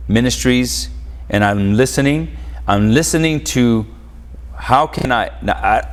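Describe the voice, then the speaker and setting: A man preaching a sermon as pastor, asking the congregation questions and having them answer back. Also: medium pitch. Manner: call-and-response preaching, rhetorical questions. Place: church. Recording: long church reverb.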